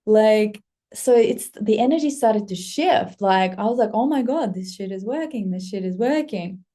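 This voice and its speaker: A young woman casually telling a vlog story about her own life, lively, with some swearing and acted-out quotes of her past excitement. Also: medium pitch, moderate pace. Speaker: content creator.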